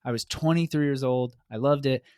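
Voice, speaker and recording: A man's voice: medium pitch, fairly quick, dark tone, no room sound, clean studio sound. A man hosting a casual podcast, playfully tossing out offbeat questions. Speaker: podcast host. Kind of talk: casual chat.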